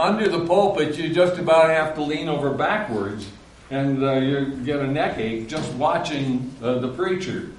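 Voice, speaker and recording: A man's voice: mid-range voice, a little mellow, echoey room, far from the mic, rough recording. A man preaching a sermon as pastor, telling folksy stories with many ums and uhs. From Nebraska.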